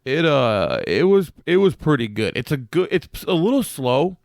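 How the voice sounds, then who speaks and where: A man's voice: fairly high pitch, sing-song, normal speed, darkish tone, dry recording, clean studio sound. A man co-hosting a podcast, chatting casually about a movie with crude jokes. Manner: laughing, crude, joking. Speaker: podcast co-host. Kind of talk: casual chat.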